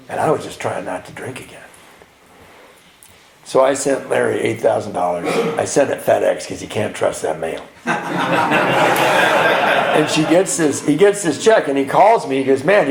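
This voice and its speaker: Raspy-edged man telling his recovery story in an echoey hall, lively and animated with acted-out voices. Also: mid-range voice, background noise. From California. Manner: storytelling, acts out dialogue, swings from hushed to loud. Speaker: retreat speaker sharing recovery story. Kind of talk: twelve-step share to a live audience. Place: retreat hall with audience. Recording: roomy hall with faint ambience.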